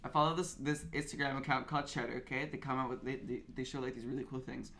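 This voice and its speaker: A man's voice: mid-range voice, fairly even intonation, fast, sharp tone. Rambling young man telling a story. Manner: rambling, explains at length with restarts. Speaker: podcast co-host. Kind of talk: casual chat.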